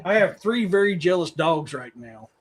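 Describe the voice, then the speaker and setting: A man's voice: high-pitched, lively intonation, moderate pace, a loud crowd. A middle-aged man from Missouri, a podcast guest who tells long rambling stories in casual chat. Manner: rambling storyteller, talks to his dogs mid-sentence.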